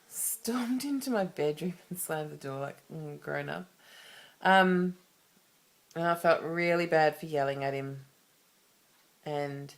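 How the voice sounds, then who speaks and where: Speaking low into the camera, an Australian woman vlogger opens up about personal matters in a confessional video. She rambles candidly, frequently restarting sentences and circling back through asides.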